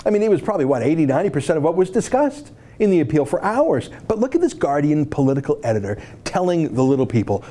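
A man's voice: on the high side, sing-song, quick pace, hardly any pauses, warm tone. A man giving sarcastic political commentary, indignant and mocking, full of rhetorical questions.

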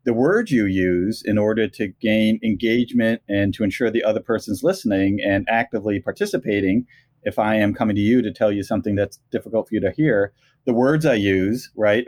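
Measured low-voiced male podcast host. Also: a little mellow. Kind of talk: interview questions.

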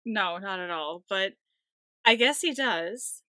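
A woman's voice: medium pitch, expressive, slow pace, pushed and bright, dry recording. Dry-voiced woman recapping wryly. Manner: dry, wry plot summarizing. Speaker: podcast co-host. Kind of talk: casual movie recap narration.

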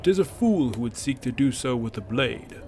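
A man voicing a venerable, wise old warrior leader with calm dignity. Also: medium pitch, normal speed, slight background noise, close to an everyday voice.

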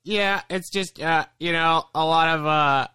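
A bashful, stammering young man who is the month of February itself, as a man puts him on. He sounds bright and smooth, a touch high. The recording is close and dry. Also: fairly even intonation, unhurried, dry recording. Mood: sheepish. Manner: sheepish, hesitant. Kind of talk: improvised comedy bit.

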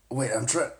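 A man in casual joking chat, laughing often and stumbling over his own punchlines, recorded on a cell phone. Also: medium pitch. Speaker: participant taking turns singing verses.

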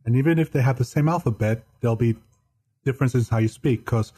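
A man's voice: medium pitch, quick pace, warm tone, slightly rough. A man co-hosting a podcast, chatting and explaining things casually. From Ireland. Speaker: podcast co-host.

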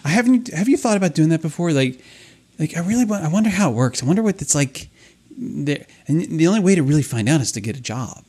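A man's voice: on the high side, lively intonation, fast, darkish tone, husky. A man co-hosting a casual chat, playful and joking, often acting out little scenes. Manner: playful, acts out little scenes in put-on voices. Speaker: podcast co-host.

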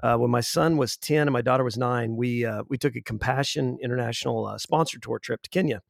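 A man in his forties, telling a personal story as an interview guest in an earnest, halting way with restarts. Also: medium pitch, vocal fry, no echo, studio quality. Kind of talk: conversational storytelling.

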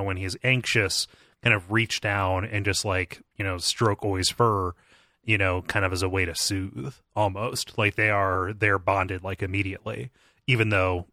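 A man's voice: on the low side, pushed and bright, dry recording, studio quality. A man hosting a casual book-discussion podcast, explaining at length with lots of fillers. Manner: rambling, filler-heavy explaining. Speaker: podcast host.

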